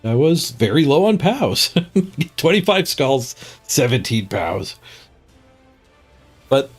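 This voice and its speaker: A man's voice: mid-range voice, very animated, slow, slightly rough, faint music behind. A man streaming a game, reading stats and musing casually to himself, a bit stuffed up. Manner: muttering to himself, chuckling at stats. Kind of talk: casual gameplay commentary.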